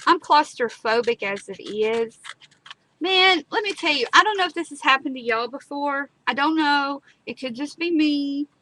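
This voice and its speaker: A woman's voice: sits high, expressive, normal speed, bright, forceful tone, low-quality recording. A woman, chatting and telling stories while demonstrating a craft project. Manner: chatty storyteller, dramatic repetitions. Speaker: craft video host. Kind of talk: casual chat and craft demo. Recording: clear background noise, live stream.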